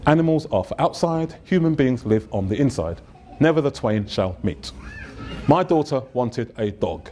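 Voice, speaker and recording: A man's voice: mid-range voice, animated, normal speed, dark tone, slight background noise. A man with an English accent, a pastor preaching a humorous storytelling sermon in a church. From England. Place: church sanctuary.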